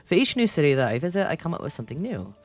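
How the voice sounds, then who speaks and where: Giggly low-voiced woman streamer. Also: big pitch swings, very fast. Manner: giggly, playful, teasing. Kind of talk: casual commentary while reading a game aloud.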